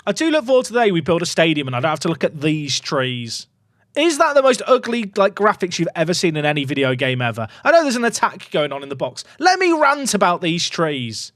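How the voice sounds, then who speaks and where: Animated man calling a football game. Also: a little high, fast talker, few pauses, no echo, studio quality. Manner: animated, swings from muttering to excited shouts. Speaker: gaming streamer. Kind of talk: live game commentary to chat.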